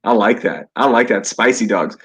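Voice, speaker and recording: A man hosting a casual live podcast from home, upbeat and jokey, quick to laugh, talking into a cheap gaming headset. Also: fairly low pitch, fairly bright tone. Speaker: podcast host.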